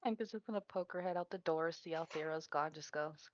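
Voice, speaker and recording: A woman's voice: low voice, brisk, highs cut off. A woman playing a tabletop game, bantering in a teasing, playful way. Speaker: player. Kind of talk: tabletop role-play.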